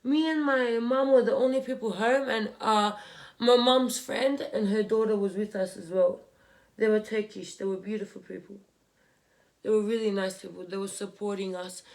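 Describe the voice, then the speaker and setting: A young woman, telling a painful family story in a vlog while crying, halting and repeating herself. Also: mid-range voice, fairly even intonation, a little mellow. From Australia. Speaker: vlogger. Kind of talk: emotional personal story while doing makeup. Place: home room, indoors.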